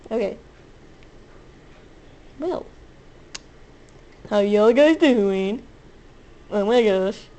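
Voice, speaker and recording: A woman giving excitable, hyper commentary over her own gameplay, squealing and playful. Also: mid-range voice, very slow, long pauses. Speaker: gaming video host.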